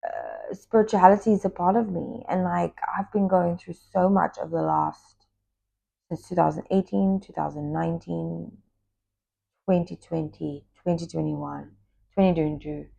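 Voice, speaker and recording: A woman speaks in a deep, raspy voice full of fry. She talks in a loose, reflective monologue, often trailing off into near-whispers. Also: animated, moderate pace, warm tone, muffled recording. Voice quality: gravelly, husky low voice. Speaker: spiritual talk host, former yoga teacher. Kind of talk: casual personal monologue.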